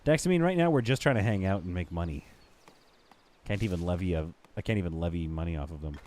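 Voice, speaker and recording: A man's voice: sits low, fast, darkish tone, a little hiss or hum. A man streaming a strategy game, rambling and thinking aloud as he chats with his viewers. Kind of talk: casual gameplay commentary.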